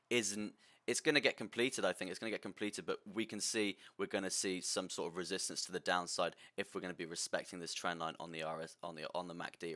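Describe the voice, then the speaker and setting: A young man runs through trading charts on a live stream at a quick clip. His voice sits low but comes across bright and forward. He stumbles and repeats words, tagging his points with "right?". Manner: halting, repeats words, keeps adding "right?". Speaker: crypto streamer.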